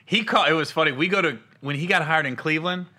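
Male podcast host, very bright slightly high voice, laughs often, animated storyteller. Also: fast. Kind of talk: casual podcast chat.

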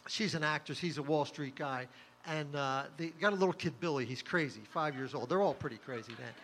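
A middle-aged man working a comedy stage with deadpan, offhand timing and crude punchlines. His voice sits a bit high for a man. Clear background noise from the live room sits under him. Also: a little fast. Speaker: stand-up comedian. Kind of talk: stand-up comedy set.

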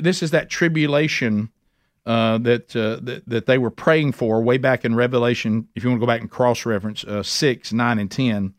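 A man's voice: medium pitch, dry recording, studio quality. A man teaching a men's Bible study in an earnest, emphatic, folksy conversational sermon style.

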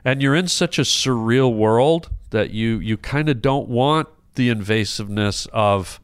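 Male guest, smooth voice, dry close mic, keen and chatty, trips over his first words. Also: mid-range voice, a little slow, dry recording. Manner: enthusiastic, often restarts words, describes things vividly. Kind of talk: casual podcast chat.

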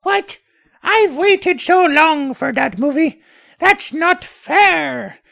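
A man playing a sulky, defiant teenage son in a high whiny falsetto, in a comedy skit. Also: lively intonation, very slow, creaky, fairly bright tone, heavily acted. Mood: whining.

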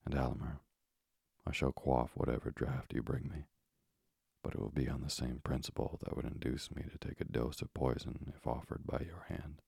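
A man voicing a firm, devoted young wife, speaking calmly in a hushed, whispery voice. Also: rumbling low, normal speed, vocal fry, breathy edge, no echo, studio quality, exaggerated voice.

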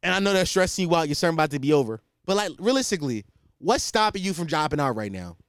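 A young man rants on his podcast in a high voice that swoops up and down as he talks. He is profane and animated, and he laughs at his own stories. The sound is dry and close. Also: quick pace, clean tone, no room sound. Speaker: podcast host. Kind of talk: casual comedic rant.

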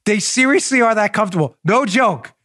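In a studio-quality recording with no room sound, a middle-aged man hosts a political podcast. His high voice is animated, pushed, bright, and a little fast as he jokes emphatically through commentary and sponsor reads, riffing and doing mock voices.

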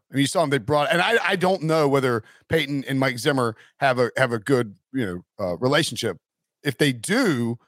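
A man's voice: medium pitch, a bit bright, dry recording. A man hosting a casual sports podcast, talking in a rambling way with lots of fillers. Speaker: podcast host.

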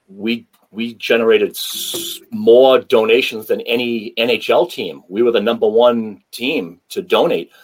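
A man from New England with a Boston accent, a former hockey player telling stories as a podcast guest. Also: lowish voice. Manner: relaxed storyteller with many um fillers. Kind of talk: podcast interview.

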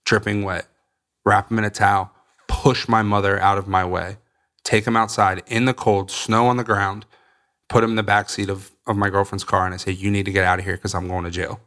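A young man with a fairly low voice tells his own story as a podcast guest. He talks bluntly and swears casually, and he acts out the voices of the people he quotes. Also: little pitch movement, fairly quick, fairly bright tone. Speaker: guest sharing recovery story. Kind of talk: candid storytelling.

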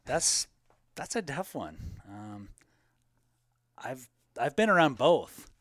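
A man answers viewer questions in a loose, easygoing chat, often pausing on fillers as he thinks aloud. His voice sits at an ordinary middle pitch. The sound is dry, with no room echo. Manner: relaxed and rambling, with many fillers. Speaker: elk hunting co-host answering viewer questions. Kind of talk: casual live Q&A chat.

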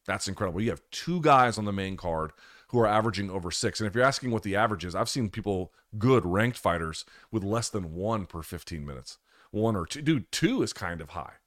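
A man with a very low, deep voice hosts a live podcast chat, talking through his picks in a loose, rambling way. He stops to correct himself often and swears without a second thought. The sound is close and dry, with no room around it. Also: a bit bright, no room sound. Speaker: podcast host.

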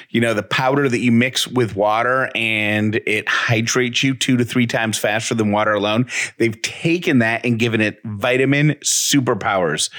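A man's voice: medium pitch, fairly bright tone. A man, the show's host, reading a sponsor ad in an upbeat, conversational way. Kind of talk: host-read ad.

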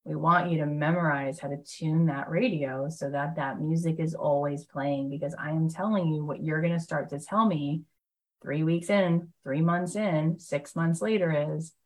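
Brief: woman motivational coach with a lowish voice, earnest and emphatic, speaks to listeners directly. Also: fairly even intonation, moderate pace, a little mellow, poor audio. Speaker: motivational coach and podcast host. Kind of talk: motivational talk with storytelling.

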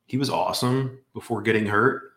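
A man co-hosting a podcast, chatting casually about the sport in a relaxed, rambling way full of restarts. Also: lowish voice, normal speed, echoey room. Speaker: podcast co-host.

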